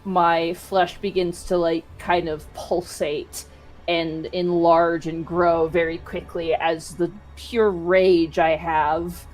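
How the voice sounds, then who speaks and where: A woman player describing her monster character's actions in a tabletop game, in drawn-out phrases with fillers. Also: fairly low pitch, level tone, a little mellow, faint music behind, low-quality recording.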